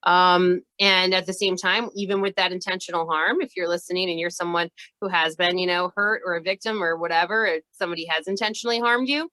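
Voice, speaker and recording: A woman co-hosting a spiritual podcast as a healer, speaking earnestly and warmly about self-love in casual chat. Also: on the low side, steady tone, a little fast, few pauses, dry recording. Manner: earnest, gushing, uplifting.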